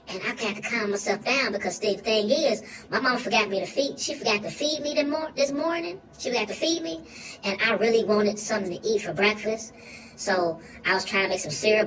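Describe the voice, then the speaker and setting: A woman's voice: medium pitch, distant mic, noisy background, lightly acted. A woman playing a goofy, food-loving young boy, rambling through a comic monologue with slang and sudden squealing outbursts.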